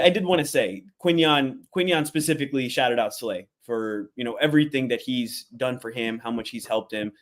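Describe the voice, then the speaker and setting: A man co-hosting a sports podcast, chatting casually and animatedly, laughing often and giving blunt opinions. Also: medium pitch. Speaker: podcast co-host.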